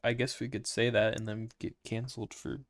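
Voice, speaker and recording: A young man with a Midwestern American accent co-hosts a casual podcast, tossing in dry, jokey asides. His mid-range voice stays fairly flat in pitch and moves a little fast. There's no room sound at all.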